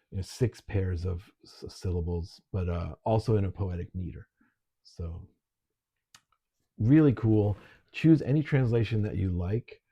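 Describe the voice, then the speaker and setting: A middle-aged man teaching an online literature lesson, relaxed and conversational, with frequent ums. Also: low voice, vocal fry, breathy edge, dull audio.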